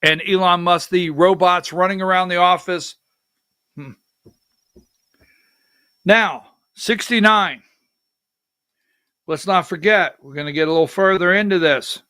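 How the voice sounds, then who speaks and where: A man's voice: sits high, a little slow, pauses often, pushed and bright, clear, resonant tone, no room sound, clean studio sound. A man hosting a political commentary show, sarcastic and talking straight to his audience as he calls for clips and reads from articles, with a Southern US accent.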